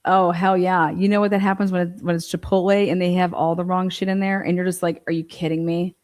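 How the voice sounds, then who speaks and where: A woman's voice: on the low side, flat delivery, fast talker, a little mellow. A woman giving blunt, profane, incredulous commentary on a true crime livestream.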